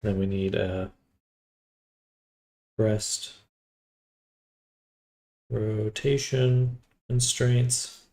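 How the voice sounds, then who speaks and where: A sleepy man thinking aloud in a quiet, unhurried murmur while he works through a task on a livestream. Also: lowish voice, fairly even intonation. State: sleepy, yawning. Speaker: livestreamer building avatars.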